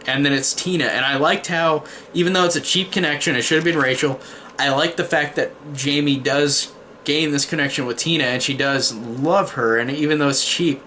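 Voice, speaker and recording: A man's voice: on the high side, bright, forceful tone, slight background noise. A young man casually reviewing a horror movie, rambling and opinionated with lots of fillers. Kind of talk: casual spoken film review.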